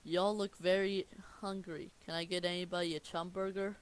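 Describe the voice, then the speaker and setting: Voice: mid-range voice, little pitch movement, normal speed, clear, resonant tone, natural voice. A tiny scheming cartoon villain, whiny and melodramatic, as a casual reader plays him. He rants and pleads in overblown bursts. The feel is an amateur cartoon script reading.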